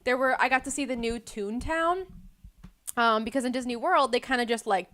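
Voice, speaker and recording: A woman's voice: sits high, normal speed, fairly bright tone. A young woman co-hosting a podcast, chatting casually and rambling with lots of likes and ums. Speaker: podcast co-host. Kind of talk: casual chat.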